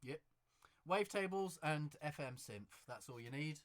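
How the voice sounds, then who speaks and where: A man co-hosting a casual chat podcast, teasing and chatty in quick banter. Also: a little high, animated. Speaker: podcast co-host.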